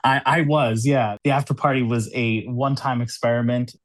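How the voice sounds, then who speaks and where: A steady, medium-pitched male voice moves at a moderate pace with no echo. He is an American cube designer on a podcast in New York City, chatting casually in an interview full of "like" and "you know" and frequent laughs.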